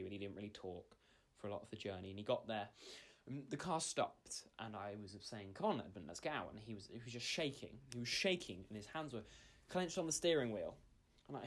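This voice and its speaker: A man in a mid-range voice hosts a comedy podcast. He rambles and stammers through an improvised story, at times working himself up into a loud rant. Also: medium pitch. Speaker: podcast host.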